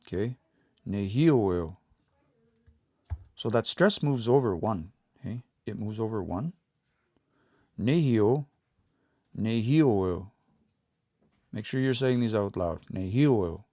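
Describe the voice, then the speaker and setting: A man teaching pronunciation on a livestream, repeating words slowly and coaching learners to say them out loud. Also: lowish voice, no room sound, clean studio sound. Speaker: language teacher.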